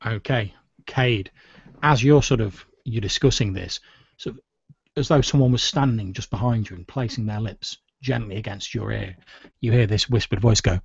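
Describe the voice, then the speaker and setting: A man's voice: on the low side, normal speed, gravelly, slightly rough, dry recording, highs cut off. A man running a tabletop game as game master, narrating scenes at length with many "sort of" hedges. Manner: descriptive, with frequent "sort of" hedges.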